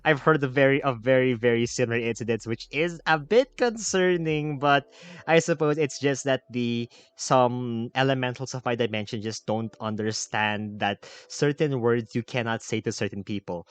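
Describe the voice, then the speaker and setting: A man's voice: medium pitch, moderate pace, smooth, no echo. Hesitant man hosting a chat. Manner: hesitant, many restarts and fillers, laughs easily. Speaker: host. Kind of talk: casual interview chat.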